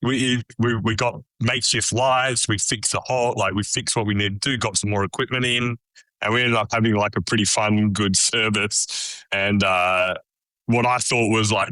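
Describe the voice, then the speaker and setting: A man's voice: fairly low pitch, moderate pace, no room sound. A man with an Australian accent, a chef telling a story as a podcast guest, swearing freely and acting out the dialogue. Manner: swears freely, animated anecdote with quoted dialogue. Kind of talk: casual storytelling chat.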